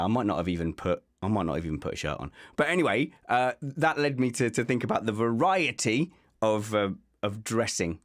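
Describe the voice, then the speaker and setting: A man hosting a casual podcast, telling rambling, jokey stories. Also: fairly low pitch. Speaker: podcast host. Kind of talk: casual chat.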